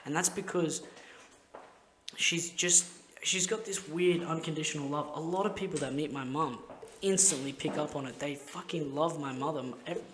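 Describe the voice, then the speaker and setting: A man's voice: on the high side, fairly even intonation, normal speed, noisy background. A young man hosting a podcast, telling rambling, heartfelt stories in casual chat and swearing constantly. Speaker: podcast host.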